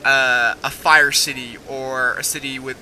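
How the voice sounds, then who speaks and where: A young man rambling excitedly and swearing casually while commenting on a game as he plays. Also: medium pitch, measured pace, background noise. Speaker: gaming video host. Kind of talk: let's play commentary.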